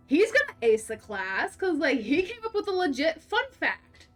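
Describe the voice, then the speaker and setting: A woman's voice: extremely high pitch, sing-song, normal speed, hardly any pauses, a bit bright, soft background music. A young woman streaming a game, rambling through a story in casual chat, laughing and swearing freely. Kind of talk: casual storytelling while playing.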